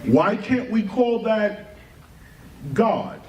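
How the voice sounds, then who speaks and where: Give me a man preaching slowly in a high, sing-song voice, spelling out words and asking question after question. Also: far from the mic. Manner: fires rhetorical questions and spells words out letter by letter; animated, often breaks into laughter mid-sentence. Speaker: live stream speaker. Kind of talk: impassioned spoken lecture. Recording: echoey room, voice set back from the mic.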